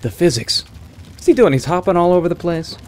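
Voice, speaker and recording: A young man giving lively let's-play commentary, exclaiming and laughing often as he plays a shooter game. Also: high voice, brisk, a little hiss or hum. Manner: excitable, frequent exclamations and laughs. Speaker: gamer. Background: game music and gunfire.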